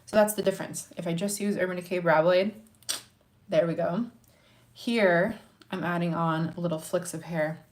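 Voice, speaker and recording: A woman's voice: fairly low pitch, moderate pace, darkish tone. A young woman from Montana chatting to her viewers in a casual makeup tutorial, encouraging and talking while she works. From Montana, USA. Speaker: makeup vlogger.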